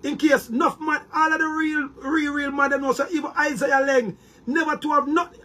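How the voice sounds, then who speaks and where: A man's voice: extremely high pitch, fairly quick, pushed and bright. A Jamaican man delivering a heated, boastful monologue to his viewers, repeating words and restarting often. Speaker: online commentator.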